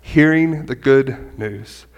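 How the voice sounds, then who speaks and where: A middle-aged man giving a conversational sermon as a pastor, animated and often checking in with "right?". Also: mid-range voice, slow pace, highs cut off. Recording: long hall reverb.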